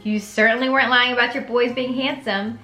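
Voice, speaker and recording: A young woman voicing a troubled middle-aged mother from a story game, speaking quietly. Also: a little high, fairly even intonation, brisk, reverberant, soft background music.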